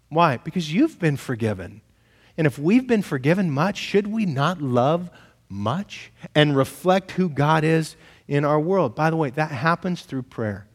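A male pastor preaching a sermon, telling stories animatedly and acting out shouted exchanges. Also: on the high side, big-room sound.

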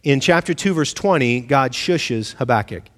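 A man's voice: mid-range voice, expressive, moderate pace, fairly bright tone, big-room sound. A man preaching a sermon in a conversational way, asking the congregation questions and acting out the voices he quotes. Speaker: pastor.

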